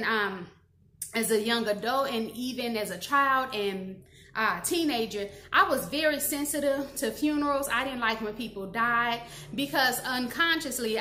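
This is a woman with a fairly high, bright voice telling her own story to the camera in a candid, chatty way. She laughs at herself now and then. The sound is echoey, as if she were in a bare room. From Gary, Indiana, USA. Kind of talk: casual storytime monologue.

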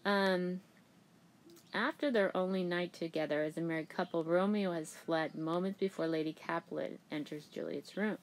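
A woman teacher casually walks through a reading assignment, paraphrasing plainly and chattily with plenty of "okay" and "um." Her voice is fairly low and her pace normal, though the audio is poor.

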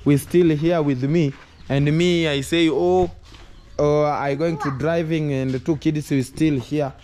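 A man's voice: fairly high pitch, fairly even intonation, unhurried, warm tone. Man vlogging casually with his kids. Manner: switches between broken English and coaxing talk with children. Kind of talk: casual family vlog talk.

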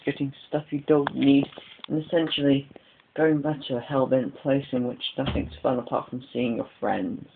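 In his mid-range voice, a teenage boy chats casually in a home vlog, rambling along and whining with exaggerated complaints. The audio is tinny and lo-fi, with a faint hiss underneath.

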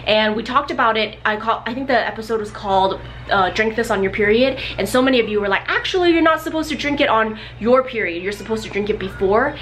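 Young female vlogger, slightly high voice, chatty home-video delivery, faint background noise. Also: fast. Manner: chatty, animated storytelling. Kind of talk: casual vlog chat.

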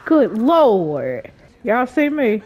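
Woman gaming YouTuber, high voice with wide swings, slangy and jumpy, unhurried pace. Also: very animated, muffled recording. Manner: jumpy, exclaiming and laughing nervously; chatty and slangy, addressing viewers as y'all. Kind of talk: casual gameplay commentary.

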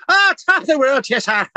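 A man's voice: high-pitched, bright, forceful tone, dry recording. A man putting on a cheeky, rambling stage Irishman, playful and stammering in a sing-song comic way.

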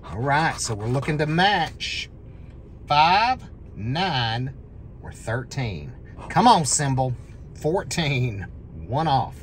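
A scratch-off lottery host, calling out numbers as they scratch and breaking into excited shouts at wins. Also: mid-range voice, slow pace, slight background noise.

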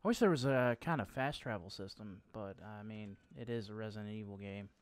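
A man's voice: lowish voice, brisk, smooth. A young man giving casual, joking commentary while he plays a horror game at home, swearing now and then and talking to the enemies. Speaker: gameplay streamer. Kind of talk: casual let's-play commentary. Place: home room.

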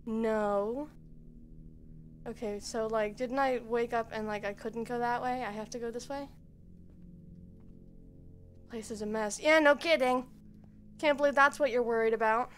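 A young woman streamer giving quiet, nervous, rambling let's-play commentary at home into a headset mic. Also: a little high, steady tone, normal speed, soft background music.

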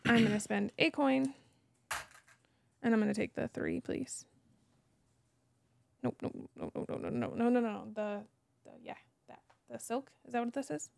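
Gravelly-voiced woman at a game table. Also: on the high side, lively intonation, normal speed, long pauses, a little mellow. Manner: chatty, asks rule questions. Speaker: board game player. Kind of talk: casual chat at a game table. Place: indoors at a table.

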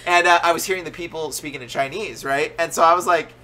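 A man's voice: a little high, fairly even intonation, quick pace, pushed and bright. A man co-hosting a casual faith chat, telling his story with animation, acting out quotes and laughing often. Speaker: co-host.

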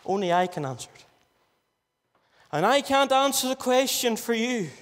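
A man preaching with earnest, pleading insistence, pressing the same questions again and again. His voice sits high. The sound carries a long reverb from a church hall. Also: animated, normal speed, fairly bright tone, a little hiss or hum. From Northern Ireland. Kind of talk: gospel sermon.

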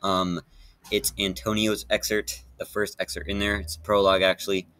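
A man's voice: fairly low pitch, level tone, normal speed, sharp tone, no room sound. A man chatting in a rambling casual vlog, with many fillers and restarts. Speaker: YouTuber.

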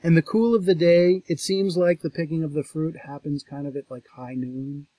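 A man's voice: fairly high pitch, steady tone, no room sound. Man reading scripture and commenting, dry sound. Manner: reads quoted verses louder and slower, then explains conversationally; thinking aloud with restarts and asides. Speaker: lecturer on scripture.

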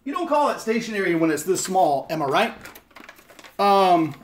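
A man's voice: sits high, very animated, normal speed. A man chatting casually and profanely on a live stream, joking and rambling as he opens fan mail at home. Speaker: vlogger opening fan mail. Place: home in Las Vegas.

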